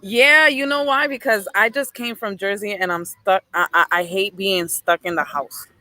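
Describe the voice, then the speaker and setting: A bright, crisp-toned woman hosts a casual live stream from outdoors by a lake, talking into her phone. She is chatty and upbeat and keeps greeting viewers by name. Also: medium pitch, moderate pace, no echo, poor audio. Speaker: live show host.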